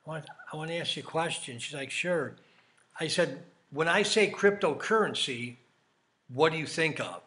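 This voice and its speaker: A man with a slightly high, bright voice tells rambling stories in a casual vlog. He chats along, quoting back and forth what people said to him. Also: normal speed. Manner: chatty, rambling anecdotes with quoted dialogue. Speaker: crypto YouTuber.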